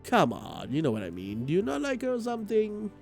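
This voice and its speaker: Earnest teen girl, keeps asking gentle questions, bit higher pitched , a guy reading her. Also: wildly swooping pitch, fairly quick, vocal fry, soft background music, heavily acted. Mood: curious. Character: caring teenage girl, earnest and curious.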